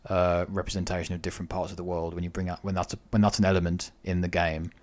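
A man with a very low voice talks in a relaxed podcast conversation. He reasons in a measured way, weighing each side before settling on a view. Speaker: podcast co-host. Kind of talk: casual discussion.

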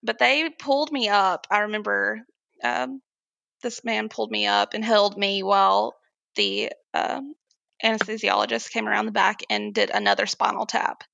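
A young woman tells a personal story as an interview guest, animated and quick to laugh. Her voice is strongly gravelly, with a bright, forceful edge. The recording is close and dry. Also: mid-range voice, dry recording. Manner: animated, laughs often while telling, acts out quoted voices.

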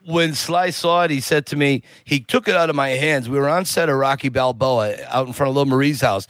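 A middle-aged man, a podcast guest, telling a long story in a lively way and acting out what people said. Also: medium pitch, a little fast, no room sound. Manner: lively, acts out other people's lines while telling. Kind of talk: animated anecdote telling.

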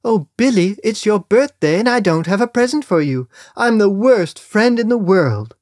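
A man's voice: high-pitched, lively intonation, normal speed, darkish tone, no room sound, studio quality, pitched above the performer's own voice. Man doing an earnest male rat-swarm creature. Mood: worried. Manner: earnest, whiny, cries out when upset. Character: male rat creature made of many rats.

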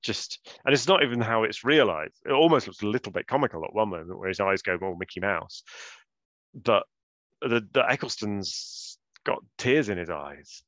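A lowish-voiced man chatting casually as a podcast co-host. He is jokey and loose, restarting his sentences as he goes. The sound is close and dry, with no room in it. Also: animated, moderate pace, a bit bright, no echo, highs cut off. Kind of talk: casual fan chat.

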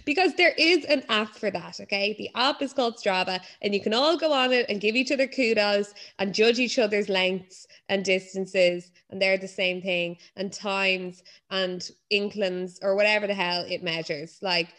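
Picture a woman co-hosting a casual chat. She rants with lots of animation, swears freely, and keeps jumping into high, mocking impressions of other people. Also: normal speed, few pauses, fairly bright tone.

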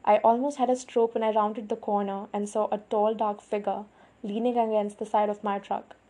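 Female audiobook narrator: measured first-person storytelling, dark breathy tone. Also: medium pitch, level tone. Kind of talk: first-person novel reading.

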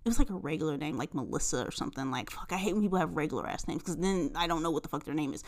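A woman hosting a casual solo podcast, telling stories in a profane, animated way, jumping from loud outbursts to low muttering. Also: rapid-fire. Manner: profane, animated storytelling with big swings between loud bursts and low mutters. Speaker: podcast host.

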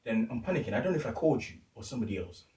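A young man from the UK telling a story in casual chat, animated and acting out what people said. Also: medium pitch, racing. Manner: animated, acts out quotes, lots of slang fillers. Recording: roomy, distant mic.

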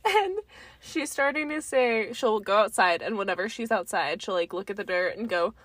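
A young woman in casual chat, giggly and playful with deadpan jokes, recorded on one microphone in a parked car at night. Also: mid-range voice, moderate pace, no room sound. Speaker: podcast co-host. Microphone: single mic between two people.

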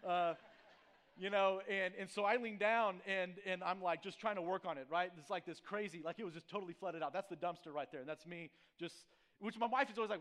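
A man's voice: sits high, fast, a bit bright. A man preaching and praying as a pastor, then telling a casual, self-mocking story with lots of fillers. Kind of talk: sermon with prayer and personal story. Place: church sanctuary.

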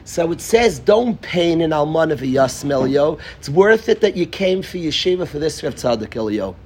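High, husky-voiced rabbi teaching. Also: male voice, moderate pace. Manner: animated, acts out little dialogues and calls on students by name; repeats phrases for emphasis. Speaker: yeshiva rabbi teaching students. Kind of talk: informal Torah lesson.

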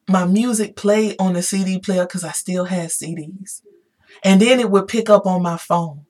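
Animated woman giving a pep talk. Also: mid-range voice, moderate pace. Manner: animated, repetitive, emphatic, Southern-style "y'all"; becomes emotional at times. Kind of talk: casual motivational talk to viewers.

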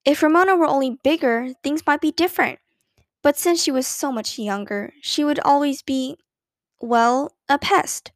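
High-voiced woman reading a storybook. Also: moderate pace, no room sound, studio quality. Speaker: audiobook narrator. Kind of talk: storybook narration.

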